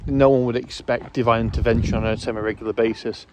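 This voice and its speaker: A man's voice: medium pitch, steady tone, fast, noisy background. Rambling male vlogger talking outdoors. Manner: rambling, self-correcting, hesitant fillers. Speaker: YouTube host. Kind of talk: casual rambling commentary.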